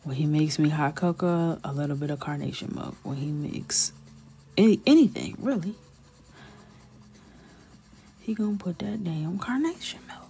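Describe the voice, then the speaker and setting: A woman's voice: low-pitched, normal speed, pauses often, dark tone. A middle-aged woman hosting a coloring livestream, chatting casually and jokingly while reading viewer comments. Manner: chatty, joking, reads chat aloud.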